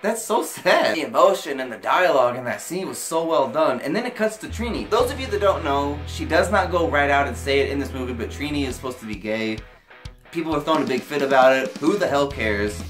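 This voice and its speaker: An excitable young man talks through a film review in a loose vlog style. He swears without a second thought, and his voice jumps high whenever he gets carried away. Soft music plays faintly behind him. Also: fairly quick. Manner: excitable and emotional, swears casually, pitch jumps when worked up. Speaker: movie reviewer. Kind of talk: casual movie review vlog.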